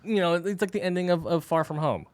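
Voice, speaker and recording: Comic artist guy on a podcast, fast and bouncy, slightly higher voice. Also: no room sound. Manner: quick, lively, lots of fillers. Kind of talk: casual chat.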